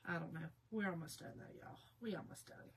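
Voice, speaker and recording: A woman's voice: sits low, fairly quick, slightly rough. A woman chatting casually with her viewers while she crafts on a livestream, laughing often.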